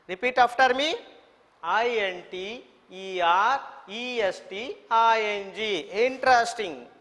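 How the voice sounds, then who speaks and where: Slow, high-voiced teacher spelling words aloud. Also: male voice, fairly bright tone. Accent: Indian English. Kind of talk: online English lesson for children. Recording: echoey room reverb.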